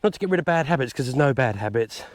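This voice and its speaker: A man's voice: medium pitch, expressive, fast talker, dry recording. A man chatting casually to camera outdoors, explaining what he is doing as he goes. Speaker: vlogger and gundog handler. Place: outdoors on a country estate.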